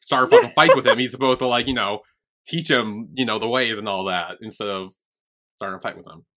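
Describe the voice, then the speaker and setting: A man's voice: medium pitch, very animated, brisk, a bit bright. A young man co-hosting a podcast, casually recapping a TV episode in a rambling way, swearing freely and acting out characters' lines. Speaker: podcast co-host.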